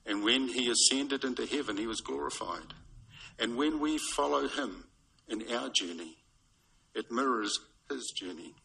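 A man preaching a sermon in a measured, storytelling way. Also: mid-range voice, vocal fry, sharp tone, slightly rough, rough recording. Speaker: pastor.

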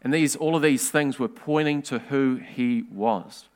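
A man preaching a sermon in an earnest, measured way, asking rhetorical questions. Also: mid-range voice.

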